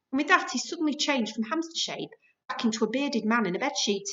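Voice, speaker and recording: A woman reading a children's book aloud in a lively storytelling manner. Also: fairly high pitch, brisk. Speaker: story reader. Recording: dull lo-fi recording.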